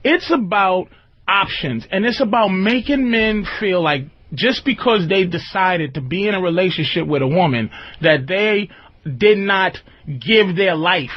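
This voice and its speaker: A man's voice: sits high, muffled recording. A man hosting a radio talk show, talking casually in a rambling, emphatic way and often checking that the listener follows. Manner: rambling, emphatic, often asks "you understand".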